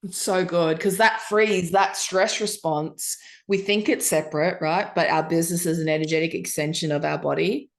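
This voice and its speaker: A woman's voice: lowish voice, steady tone, moderate pace, hardly any pauses. A woman coaching a client one on one in a casual call, upbeat and encouraging, with plenty of "like" fillers. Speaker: business coach.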